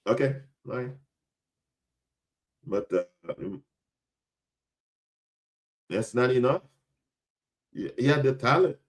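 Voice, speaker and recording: A man's voice: mid-range voice, takes it slowly, long pauses. Blunt young man ranting about sports. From Florida. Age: young adult. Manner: blunt, emphatic and repetitive. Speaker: podcast host. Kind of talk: casual sports commentary.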